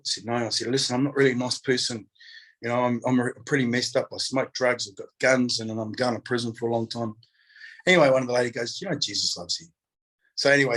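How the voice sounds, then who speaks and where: Husky man telling a life story. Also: mid-range voice, low-quality recording. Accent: New Zealand. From New Zealand. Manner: animated, acts out quoted voices, laughs often. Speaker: guest speaker. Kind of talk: candid storytelling.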